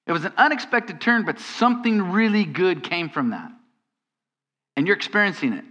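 A man's voice: sits high, expressive, normal speed, sharp tone, lo-fi sound. A man preaching a sermon as pastor, in a conversational style that turns to emphatic questions. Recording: long hall reverb.

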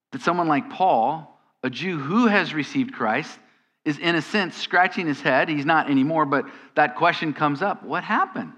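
Bright-voiced preacher in a reverberant hall. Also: male voice, fairly high pitch. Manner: conversational preaching, emphatic questions. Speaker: pastor. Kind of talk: sermon.

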